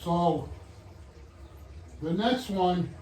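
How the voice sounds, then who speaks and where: A man vlogging his hobby build, out of breath, talking to viewers in halting, trailing commentary as he works. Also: sits high, a little mellow, recorded from a distance. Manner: halting, muttering to himself, trailing off. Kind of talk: casual running commentary while working. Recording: roomy, off-mic, faint background noise.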